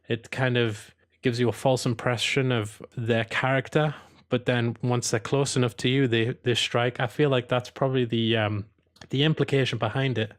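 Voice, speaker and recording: A man with a Geordie accent talks through a review in a casual, rambling way. His voice sits at a middle pitch, and he often restarts his sentences. His tone is opinionated and at times slides into a rant. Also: fairly even intonation, normal speed. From Newcastle upon Tyne, England. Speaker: video host reviewing episodes. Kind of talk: casual commentary.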